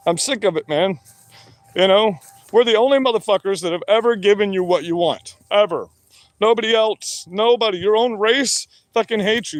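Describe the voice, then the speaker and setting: Alone on camera, a high-voiced male vlogger goes on an angry rant, recorded with no echo. His monologue is combative and packed with swearing.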